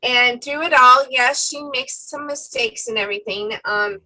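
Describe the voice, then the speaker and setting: A woman co-hosting a casual faith-themed chat, retelling a story in an animated way with many fillers. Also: high voice, measured pace, creaky, low-quality recording. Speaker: co-host.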